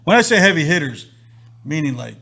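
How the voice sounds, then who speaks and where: Gravelly-voiced man telling a story. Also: a little high, a little fast. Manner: animated storyteller acting out quotes. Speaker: host. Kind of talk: storytelling on a live stream.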